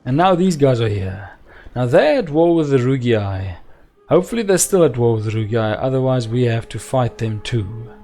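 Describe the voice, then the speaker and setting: A man's voice: mid-range voice, lively intonation, moderate pace, mellow. A man commenting on his own strategy game session as he plays, talking to himself and his viewers and repeatedly asking aloud why things aren't working. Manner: exasperated, keeps asking aloud why things don't work. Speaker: gameplay video host.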